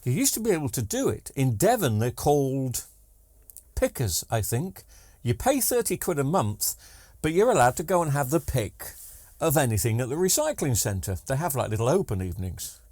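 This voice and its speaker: In a studio-quality recording with no echo, a TV repair vlogger talks at medium pitch and a moderate pace, his tone slightly mellow with big pitch swings. He rambles casually through his workshop vlog, cracking jokes and saying um a lot.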